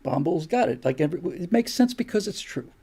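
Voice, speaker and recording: An older man holds forth on his live stream, lecturing and firing off one rhetorical question after another. His voice is gravelly, husky and dark. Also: on the high side, very animated, fairly quick. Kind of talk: opinion monologue on a live stream.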